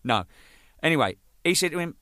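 An older man, a band's drummer, telling rambling, profane stories, laughing and acting out the shouting in them. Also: a little high, big pitch swings, fairly quick, dry recording, studio quality. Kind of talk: casual anecdotal storytelling.

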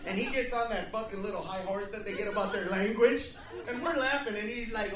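Profane stand-up comic, high voice. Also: male voice, noisy background. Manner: profane, rapid, animated storytelling. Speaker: stand-up comedian. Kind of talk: stand-up routine. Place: live comedy club. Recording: echoey live club from far off, loud crowd. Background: crowd laughter.

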